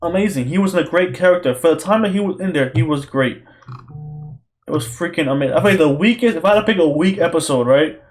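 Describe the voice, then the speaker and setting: A young man talks alone in an excited, rambling way, heavy on slang and swearing. His voice sits a little higher than most men's. He keeps circling back and repeating himself as he reviews. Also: quick pace, soft background music. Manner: excited, profane, repetitive slang-heavy talk. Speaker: podcast host reviewing a show. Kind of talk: casual solo rambling review.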